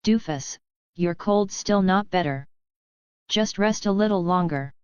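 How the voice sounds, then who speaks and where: A woman's voice: fairly low pitch, a little slow, clean tone, dry recording, highs cut off, natural voice. A woman voicing a young girl who teases and scolds her cousin. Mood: teasing. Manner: teasing, nervous laughs.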